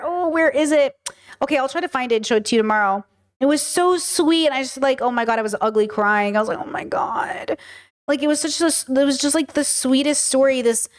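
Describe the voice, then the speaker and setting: A young woman with a high-pitched voice chats casually on a live stream. She rambles, fills her sentences with "like", and talks straight to her viewers in an emotional way. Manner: rambling, emotional, talks to chat, many fillers. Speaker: podcast host streaming live.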